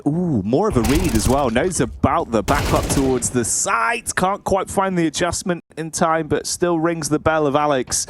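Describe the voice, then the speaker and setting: A man's voice: mid-range voice, background noise. A man casting a live esports match, teasing his co-caster and laughing often.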